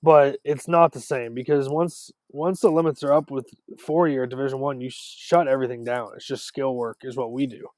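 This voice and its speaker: A man talking as a podcast guest in casual chat, animated, with quick runs of words and restarts. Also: medium pitch, dry recording. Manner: animated, talks in quick runs with repeated starts. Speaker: podcast guest, former college ballplayer.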